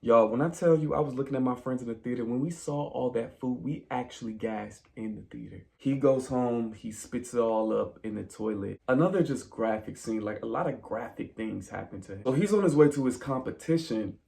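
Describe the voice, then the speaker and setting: A man casually recapping a film plot in a spoiler review, telling it as an animated story and talking straight to his viewers. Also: medium pitch, fairly quick, creaky, few pauses. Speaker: movie reviewer.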